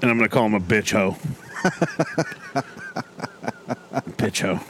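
A man's voice: lowish voice, expressive, slow, a bit bright, a little hiss or hum. A man co-hosting a podcast, swearing often and teasing his co-host in casual chat. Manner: profane, joking, teasing.

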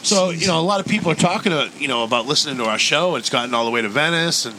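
A man co-hosting a crude podcast who rants and jokes with swooping, lively pitch that rides fairly high. His nose sounds stuffy and clogged. Steady noise hums under the recording. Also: very fast. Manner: loud, profane and joking, with big swoops up in pitch. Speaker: podcast co-host. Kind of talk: crude casual podcast banter.

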